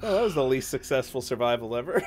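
A man streaming a video game with friends, excitable, laughing often and swearing freely. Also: mid-range voice, fast talker, a crowd in the background. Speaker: gaming streamer. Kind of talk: casual gaming banter.

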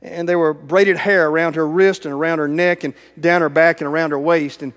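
In a large church sanctuary with a long reverb tail, a middle-aged evangelist preaches a sermon in a fairly high voice for a man. Speaking a little fast in a steady tone, he tells stories dramatically, swinging from full volume to hushed near-whispers.

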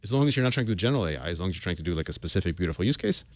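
Guest in his forties, very low voice, rapid and earnest, dry close mic. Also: lively intonation, no echo. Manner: fast, earnest, with many fillers and restarts. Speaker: guest, tech founder. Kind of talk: casual panel interview.

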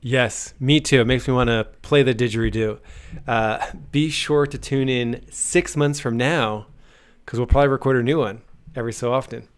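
A man's voice: medium pitch, steady tone, normal speed, smooth. A man co-hosting a podcast in casual, upbeat chat, joking around with energy. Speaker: podcast co-host.

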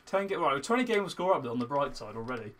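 A young man hosting a gaming video, excitable, swinging from frustrated muttering to loud shouting at the game. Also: medium pitch, quick pace. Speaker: gaming channel host. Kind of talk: let's play commentary.

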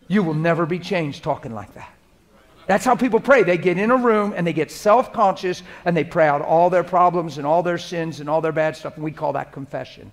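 High-voiced man preaching with fervor. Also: animated, moderate pace. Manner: swings between loud exhortation and hushed prayerful talk; colloquial and emphatic, repeating phrases. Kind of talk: sermon.

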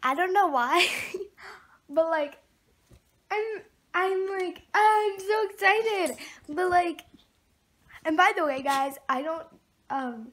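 Teen girl vlogger, high voice, slow unhurried delivery, giggly and rambling, casual chat at home. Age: teenager. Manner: excitable, giggly, rambling with many fillers. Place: at home with her dog. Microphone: camera mic.

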